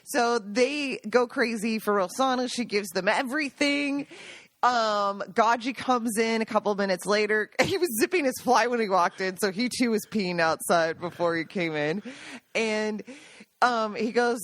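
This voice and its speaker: A woman co-hosting a podcast, telling stories in a casual, animated way and laughing often. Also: fairly high pitch, measured pace, no echo. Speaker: podcast co-host. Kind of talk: casual chat.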